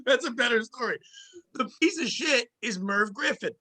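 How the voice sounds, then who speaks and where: A man with a high, bright, cutting voice rants through a rowdy comedy podcast. He swears freely and barrels through stories, acting out other people's lines as he goes. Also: animated, normal speed. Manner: rowdy, ranting, swears freely, acts out quotes. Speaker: podcast host. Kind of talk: casual comedy chat.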